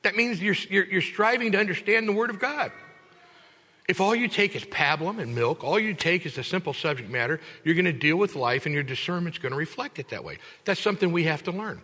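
A man preaching a sermon in church, teaching with animated emphasis and acting out congregants in voices. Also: high-pitched, a little fast, big-room sound. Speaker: pastor.

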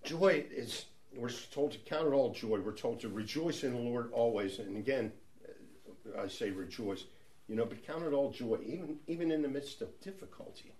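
A man's voice: mid-range voice, animated, normal speed, a little mellow. A middle-aged man leading a church Bible study in a conversational teaching style, chatty and prone to restarts. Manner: chatty, with frequent restarts and asides.

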